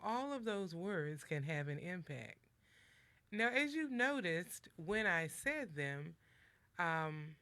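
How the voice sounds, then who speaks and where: A woman hosting a motivational talk show, speaking deliberately, leading breathing exercises and acting out words in different tones for emphasis. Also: on the low side, sharp tone. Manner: slow, deliberate, guides listeners through breathing. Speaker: host.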